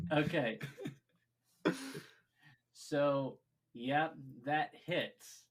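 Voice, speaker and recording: A man's voice: on the high side, huge pitch swings, drawn-out words, long pauses, a bit bright, slight background noise. A young man acting as game master, narrating a tabletop game casually and laughing often between filler words.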